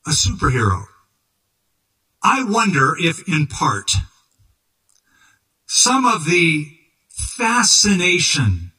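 Bright-voiced preaching man, mic at a distance. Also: a little high. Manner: conversational preaching with asides and emphatic repetition. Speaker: pastor. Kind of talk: sermon.

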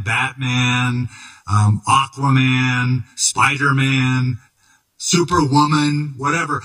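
A man's voice: on the high side, bright, forceful tone, recorded from a distance, low-quality recording. A man pastor preaching a sermon in a conversational way, with asides and emphatic repetition.

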